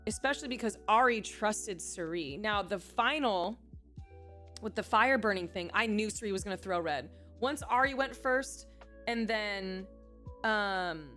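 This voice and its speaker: A woman's voice: mid-range voice, a bit bright. A woman chatting casually on a livestream, a former reality show contestant who keeps reacting to viewers' chat messages. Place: home streaming setup, faint music behind.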